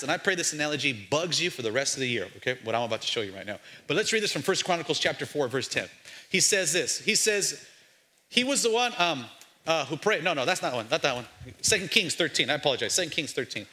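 Bright-voiced energetic male pastor. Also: on the high side. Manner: lively, joking, calls out to the congregation. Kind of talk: energetic sermon. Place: church.

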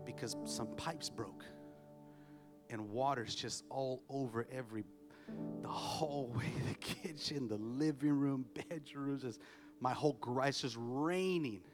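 A man preaching a sermon as pastor, telling a family story with humor and building to loud exhortation. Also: medium pitch. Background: music.

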